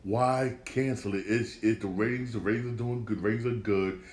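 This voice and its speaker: A man's voice: lowish voice, fairly even intonation, normal speed, a little mellow. A man hosting a casual solo podcast, talking off the cuff with lots of swearing, repeated words and stumbling restarts. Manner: profane, repetitive, stumbling restarts. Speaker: podcast host. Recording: echoey room with faint ambience.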